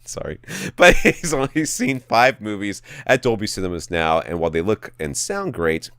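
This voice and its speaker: A man's voice: lowish voice, big pitch swings, moderate pace, a bit bright, clean tone, no room sound, studio quality. A man co-hosting a podcast, chatting casually and reading a listener's letter with joking mock drama. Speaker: podcast co-host. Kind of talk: casual chat.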